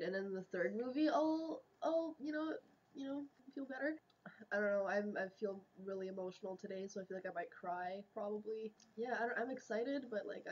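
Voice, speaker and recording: A woman's voice: medium pitch, a little mellow, slightly rough, highs cut off. A young woman from Germany, a podcast guest, talking in a candid, emotional way and swearing freely. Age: young adult. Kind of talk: casual chat.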